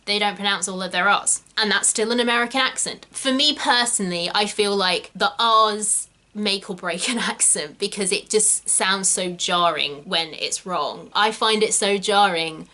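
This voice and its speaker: Bright-voiced chatty British woman. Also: medium pitch, normal speed, hardly any pauses. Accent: British English, non-rhotic. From Britain. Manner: chatty, goes off on tangents, corrects herself. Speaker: actor teaching accents. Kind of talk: casual video lesson.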